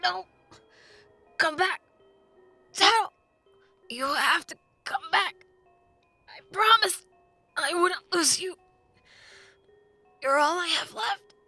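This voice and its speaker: A woman voicing a brave young boy hero who cries out in strained, anguished shouts, as a character voice in an audiobook. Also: very high-pitched, animated, takes it slowly, pauses often, no echo, faint music behind, voice pushed up, exaggerated voice. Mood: desperate.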